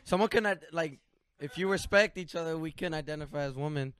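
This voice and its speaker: A man's voice: on the high side, a little fast, fairly bright tone. A man in a group podcast chat, raising his voice to be heard over the others.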